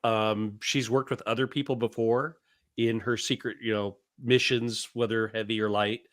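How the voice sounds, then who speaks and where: A man voice actor describing his roles in a casual video-call interview, relaxed and hesitant with ums. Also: lowish voice, normal speed.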